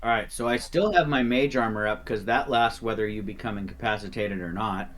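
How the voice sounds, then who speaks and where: A man's voice: fairly low pitch, brisk. Chatty man playing a tabletop game. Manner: chatty, thinks aloud with ums. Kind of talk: casual game talk.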